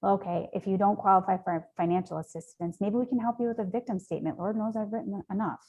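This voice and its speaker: A woman's voice: medium pitch, quick pace, a little mellow. Woman guest on a podcast, earnest, mid-range voice, lots of ums and likes. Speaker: nonprofit founder, interview guest. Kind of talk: conversational interview.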